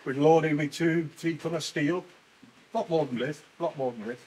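An older man, a former miner guiding visitors through a museum, telling stories with lively energy and laughing at himself. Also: fairly high pitch, a little fast, husky, rough recording. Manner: animated storyteller, laughs at himself. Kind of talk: guided tour talk. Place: indoor mining museum.

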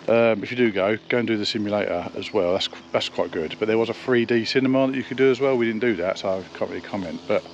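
A man's voice: fairly low pitch, quick pace, few pauses, dull audio, a little hiss or hum. A man chatting casually to camera as a travel vlogger, rambling and self-deprecating. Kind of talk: casual vlog narration.

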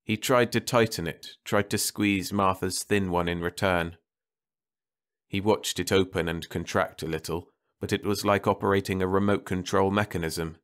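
A man narrating a bleak science fiction story in a calm, measured bedtime reading. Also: deep voice.

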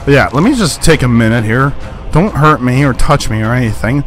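A man's voice: medium pitch, lively intonation, fairly quick, faint music behind. A man giving live gameplay commentary, swearing a lot and yelping when startled. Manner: profane, jumpy, yelps when startled. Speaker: let's play gamer.

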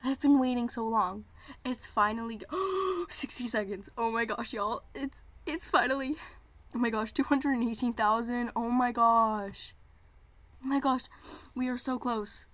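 A woman's voice: on the high side, a little slow, dry recording. A young woman, nervously gushing while waiting live for a show premiere. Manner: excited, gushing, repeating herself. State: nervous and jittery. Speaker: streamer reacting to a premiere. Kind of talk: live reaction vlog.

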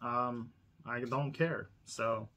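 A chatty man hosting a casual indoor unboxing vlog. He rambles, laughs often, and talks straight to his viewers, with a bright, ringing voice. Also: mid-range voice, fairly even intonation, drawn-out words. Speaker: diecast collector channel host.

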